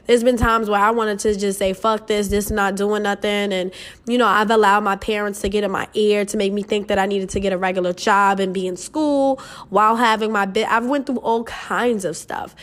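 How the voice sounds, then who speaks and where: A woman's voice: mid-range voice, fairly even intonation, a little fast, a bit bright. A young woman hosting her own podcast, talking straight to listeners in an earnest, emotional, casual way, swearing freely and calling them "you guys". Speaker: podcast host. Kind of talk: motivational casual podcast monologue.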